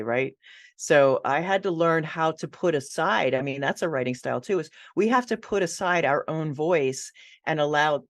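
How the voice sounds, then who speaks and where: Lively woman guest, dry close mic. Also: sits low, no echo. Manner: animated storyteller, laughs easily. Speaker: ghostwriter guest. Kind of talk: casual interview chat.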